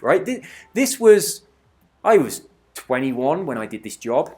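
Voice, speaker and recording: Animated man in his forties. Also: high voice, moderate pace. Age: 40s. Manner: animated, swears freely, laughs through stories. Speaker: gaming channel host. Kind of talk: casual storytelling over gameplay.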